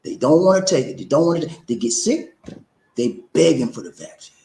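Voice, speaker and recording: Animated man hosting a livestream. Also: fairly quick, vocal fry, reverberant, rough recording. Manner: animated, swings up high when excited, says "man" and "okay?". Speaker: livestream host. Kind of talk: casual livestream talk.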